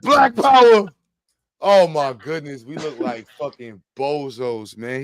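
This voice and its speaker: A man's voice: a little high, animated, takes it slowly, crowd noise. A man hosting a casual comedic reaction show, swearing and laughing in slangy banter. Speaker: podcast host.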